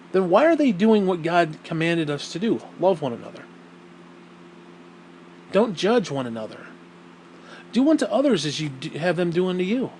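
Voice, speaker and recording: On his own show, a high-voiced podcast host rants bluntly, swearing hard and growing animated, his voice rising whenever he's indignant, in a loose opinion monologue. The audio is poor, with a little hiss or hum.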